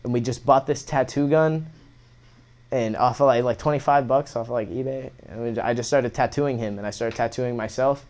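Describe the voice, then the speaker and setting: Young man, podcast guest, casual slangy talk, swears a lot, animated retellings, middle-pitched voice. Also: normal speed. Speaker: guest musician. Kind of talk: casual interview chat.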